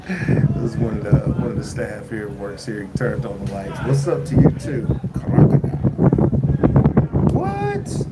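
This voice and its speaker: A man livestreaming casually from his phone while traveling, rambling and halting with many fillers and restarts. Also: medium pitch. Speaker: vlogger livestreaming. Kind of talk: casual live-stream chat. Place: indoors at a lodging while traveling. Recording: loud background noise.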